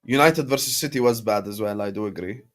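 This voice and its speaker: A fast-talking man with a lowish but fairly bright voice hosts a casual watchalong stream, his Jordanian Arabic accent coming through as he switches between English and Arabic. A little sick and dosed on cough syrup, he banters with the audience and reads out chat names, with no echo in the recording.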